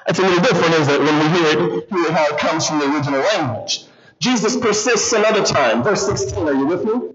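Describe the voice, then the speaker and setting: A man with a fairly high voice delivering an animated sermon to a congregation, often pausing to ask them questions. The recording sounds a little dull, and the crowd in the church is clearly audible behind him. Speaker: guest pastor preaching.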